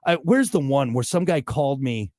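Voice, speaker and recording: A man hosting a podcast in casual chat, ranting with animated, mock-outraged energy. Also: medium pitch, moderate pace, no room sound, studio quality. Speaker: podcast host.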